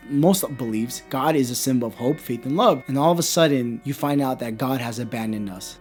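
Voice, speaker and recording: A man's voice: medium pitch, darkish tone. A man in his thirties casually retelling a creepypasta in a rambling, conversational way, full of asides. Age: 30s. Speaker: horror story YouTuber.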